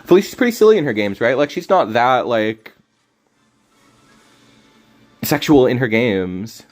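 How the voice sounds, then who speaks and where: A man streaming a card game, chatting casually with his viewers, teasing them and breaking into loud, sudden reactions. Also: medium pitch, lively intonation, brisk, faint music behind. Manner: casual, teasing banter with chat. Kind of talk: live game stream commentary.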